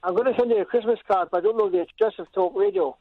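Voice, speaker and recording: A man's voice: sits high, racing, no echo. A man calling in to a radio show by phone from his bed, chatty and a bit sheepish. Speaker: caller. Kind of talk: phone-in call. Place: in bed at home. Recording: tinny phone line.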